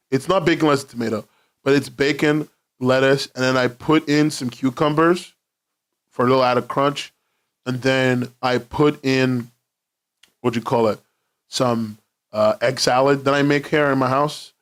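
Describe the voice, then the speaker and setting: A young man streaming from his home in London, rambling casually, laughing often and swearing freely. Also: mid-range voice.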